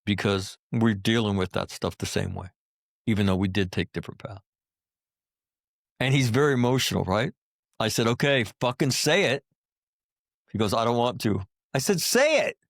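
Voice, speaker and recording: Blunt, gravelly-voiced man. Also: lowish voice, fairly even intonation, normal speed, long pauses, no room sound, clean studio sound. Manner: blunt and profane, drives points home with repeated phrases. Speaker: guest, Marine combat veteran and author. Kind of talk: candid podcast interview storytelling.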